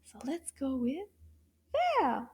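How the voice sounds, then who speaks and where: A woman with a high voice teaches a children's lesson at an unhurried pace. She talks in a gentle sing-song, stretches each word out slowly and cheers the little ones on as they repeat after her. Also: expressive, slightly rough. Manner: sing-song, encouraging, drawn-out syllables. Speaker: French teacher for kids. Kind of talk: slow, clear children's lesson with repetition.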